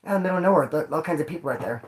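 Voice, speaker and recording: A man's voice: fairly high pitch, lively intonation, very fast, a little hiss or hum. A man talks straight to his viewers in a loose, rambling storytelling vlog. He leans on street slang, calls everyone homeboy and dog, and keeps cracking jokes as he goes. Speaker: vlogger telling prison stories.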